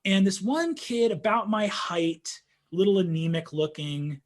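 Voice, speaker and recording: A young man telling a story in casual conversation, animated and full of fillers, acting out what people said. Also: high-pitched, measured pace. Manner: animated storytelling, acts out quotes, frequent fillers.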